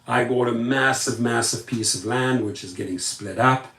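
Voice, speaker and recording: A man's voice: medium pitch, normal speed, a bit bright, roomy sound. A man hosting a rideshare live stream, reading viewer comments aloud and repeating words for emphasis. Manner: emphatic, repetitive chanting of words. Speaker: rideshare YouTube host.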